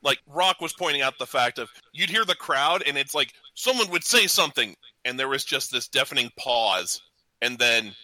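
Bright-voiced rambling man on a talk show. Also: mid-range voice, expressive, normal speed, no room sound, rough recording. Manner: rambling, sighs, self-deprecating. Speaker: co-host, the intern. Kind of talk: casual wrestling talk show.

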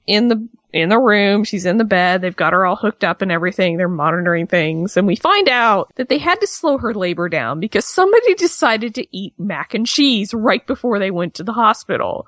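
A woman's voice: medium pitch, lively intonation, normal speed, hardly any pauses, fairly bright tone, dry recording. A woman co-hosting a casual podcast, animatedly retelling a reality show episode and acting out the quotes. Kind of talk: casual chat.

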